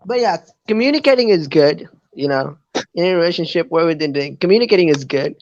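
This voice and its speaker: A young adult podcast host in casual chat, hesitant and filling pauses with many fillers. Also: mid-range voice, animated, a little mellow, dry recording, lo-fi sound. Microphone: online podcast recording app.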